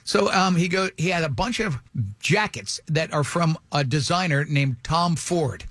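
A man hosting a radio show, telling a story in a casual, animated way and acting out the dialogue. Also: a little high, unhurried, dry recording. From Italian heritage.

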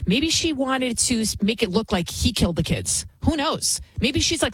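A woman's voice: on the high side, big pitch swings, moderate pace, breathy edge, no room sound, poor audio. A middle-aged woman hosting her own show, giving emphatic, indignant commentary and repeating points for stress. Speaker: show host. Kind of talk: opinionated commentary.

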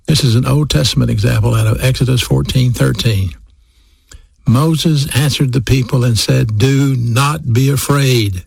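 A man preaching a sermon, speaking slowly and deliberately and repeating key phrases for emphasis. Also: mid-range voice, vocal fry, a little mellow, husky, dry recording.

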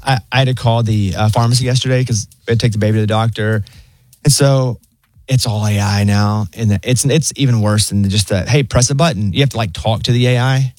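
A man's voice: fairly quick, dry recording. A young adult man co-hosting a casual talk show, telling stories and mimicking voices. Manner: animated storyteller, mimics voices in high pitch. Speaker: co-host. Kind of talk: casual chat.

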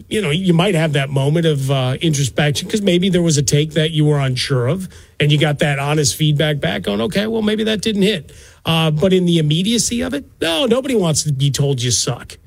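A man's voice: high voice, no room sound, low-quality recording. A man co-hosting sports talk radio, talking in a wry, reflective way.

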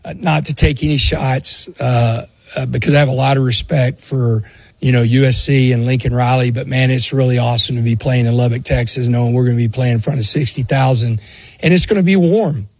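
A man's voice: medium pitch, a little fast, dry recording. A man speaking as a college football coach in an earnest, folksy way. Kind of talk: interview clip.

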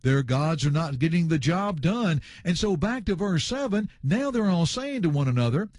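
A slightly high-voiced man at normal speed preaches through a scripture passage verse by verse, captured with clean studio sound and no echo. His delivery is emphatic and spirited, with recurring refrains and listeners addressed as friends.

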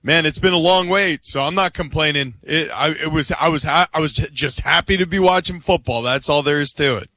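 A man's voice: a little high, brisk, few pauses, pushed and bright, no room sound. A man co-hosting casual sports talk, easygoing and musing. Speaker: sports show co-host.

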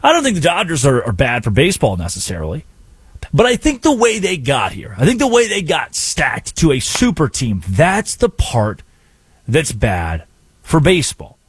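A man's voice: on the high side, normal speed, slightly rough, no room sound. A man hosting a sports talk radio show, arguing his points emphatically in a monologue. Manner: emphatic, animated, argumentative.

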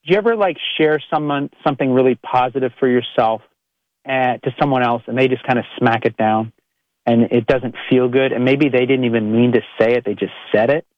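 A man's voice: mid-range voice, a little fast, no room sound. A man who works as a chiropractor, giving a direct, earnest motivational monologue with lots of casual "like" fillers. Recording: dry, slightly dull audio.

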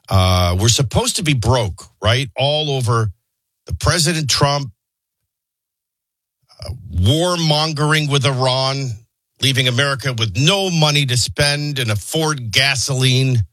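A man's voice: medium pitch, a bit bright, no echo. A man hosting a morning radio show, reading the news with opinionated, sardonic asides. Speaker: radio talk show host.

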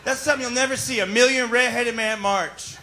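A man with a very high voice delivers a wry stand-up bit, as if letting the crowd in on a conspiracy. Clear background noise sits under the live recording. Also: steady tone, fairly quick. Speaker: stand-up comedian. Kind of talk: stand-up set.

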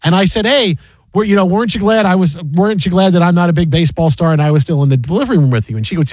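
A man's voice: racing, dry recording. A man hosting a sports talk show, telling a story and acting out quoted lines in a raised voice. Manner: animated storyteller, acts out quotes in a high voice. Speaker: sports radio host.

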